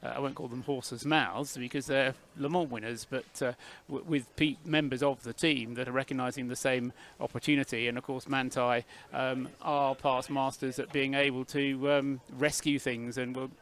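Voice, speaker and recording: A man giving live race commentary in a measured, hesitant way with many fillers. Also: medium pitch, fairly even intonation, fairly bright tone.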